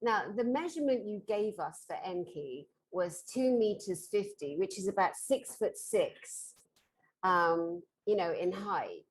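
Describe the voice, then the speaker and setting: A woman's voice: medium pitch, animated, measured pace, breathy edge. A woman interviewing a guest, asking long, chatty questions.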